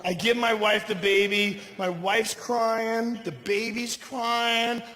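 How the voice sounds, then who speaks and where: Middle-aged male stand-up, very high-pitched shouty delivery, echoey live room. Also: level tone, takes it slowly. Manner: loud, profane, frequently shouting. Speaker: stand-up comedian. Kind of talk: stand-up comedy routine. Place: large indoor comedy venue. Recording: echoey live venue with audience noise. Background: audience laughter.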